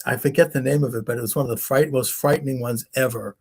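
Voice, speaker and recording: Husky-voiced man hosting a talk. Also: mid-range voice, fairly even intonation, fast talker, darkish tone. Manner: rambling storyteller, acts out quoted voices. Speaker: host. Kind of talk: casual conversation.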